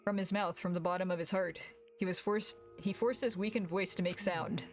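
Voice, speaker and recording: A woman streamer reading game dialogue aloud and reacting with loud, swearing outbursts and laughter. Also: on the low side, steady tone, brisk, soft background music.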